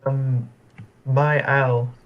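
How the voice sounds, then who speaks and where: A man with a mid-pitched voice plays his turn in a tabletop game. He talks in a casual, unhurried way. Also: level tone, lo-fi sound. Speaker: player.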